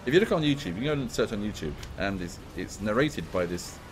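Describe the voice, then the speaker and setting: A British man hosting a casual chat, talkative and quick to laugh, often trailing off into fillers. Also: fairly low pitch, animated, soft background music. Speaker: host. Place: office studio.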